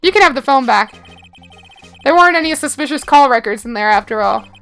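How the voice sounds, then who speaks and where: A woman voicing a gruff, blustering male police detective who calls everyone pal. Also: sits high, expressive, fairly quick, a bit bright, faint music behind. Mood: bossy.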